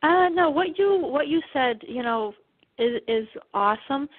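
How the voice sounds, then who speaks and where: A woman's voice: high voice, lively intonation, measured pace. Upbeat woman co-host on a phone line. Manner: enthusiastic, many fillers like you know. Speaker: co-host and channeler. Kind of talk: spiritual talk show.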